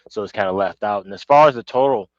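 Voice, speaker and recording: A man co-hosting a betting show, giving brief, low-key takes in a casual way. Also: fast, no room sound, lo-fi sound. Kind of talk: casual sports betting analysis.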